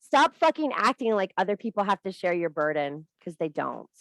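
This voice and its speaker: A middle-aged woman gives a blunt tough-love talk to her group, swearing freely. Her voice sits at an ordinary pitch, and the room sounds dry and close. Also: a bit bright, no room sound, poor audio. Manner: profane, blunt, tough-love, laughs at herself. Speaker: spiritual course teacher.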